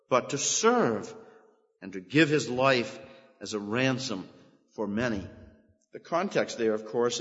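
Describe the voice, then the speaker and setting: A man's voice: medium pitch, fairly bright tone. A man preaching an expository sermon, emphatic, repeating key phrases and lifting his voice on quoted scripture. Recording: dull sound with long hall reverb.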